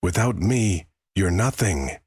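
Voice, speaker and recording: A man's voice: low voice, lively intonation, slow pace, a little mellow, husky, no echo, studio quality, pitched above the performer's own voice, full character voice. Cold controlling old millionaire, voiced by a man. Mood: menacing. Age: older. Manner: cold, menacing, growling.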